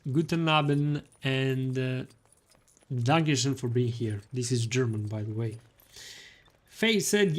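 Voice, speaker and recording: Cheerful chatty male game streamer. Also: a little high. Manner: cheerful and chatty, greets viewers warmly, often laughs. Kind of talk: live gameplay stream, reading chat aloud.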